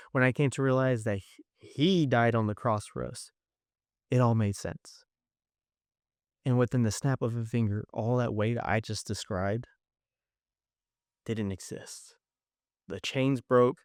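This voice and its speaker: A man's voice: mid-range voice, darkish tone, clean tone, dry recording, clean studio sound. Earnest man telling a faith testimony. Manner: earnest storytelling, acting out quoted voices. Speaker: testimony speaker.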